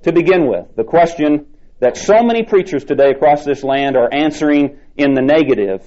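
Man preaching a sermon, dark mellow voice, keeps repeating words for emphasis, muffled tape sound. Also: a little high, animated. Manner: emphatic, repeats key words with drawn-out stresses.

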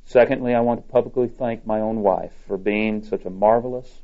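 Guy preaching a sermon, low warm voice, kinda muffled lo-fi recording. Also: fairly even intonation, a little fast. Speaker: pastor. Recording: dull lo-fi recording.

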